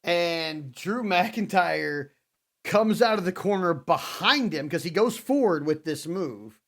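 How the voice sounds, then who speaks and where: A man co-hosting a podcast, telling a wrestling recap as an animated storyteller. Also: high-pitched, slow pace. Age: adult father. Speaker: podcast co-host. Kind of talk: casual wrestling recap chat.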